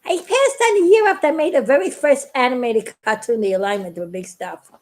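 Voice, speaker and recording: A middle-aged woman with a high voice rambles through a personal story for her viewers. She giggles often and trips over her words as she restarts her sentences. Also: expressive, fairly quick. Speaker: vlogger.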